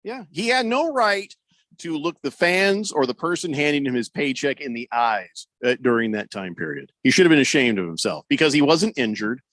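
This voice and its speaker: A man's voice: a little high, moderate pace, dry recording. A man hosting a sports radio show, chatting casually and joking in playful bits. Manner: joking, animated, playful voices. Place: radio studio. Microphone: studio microphone.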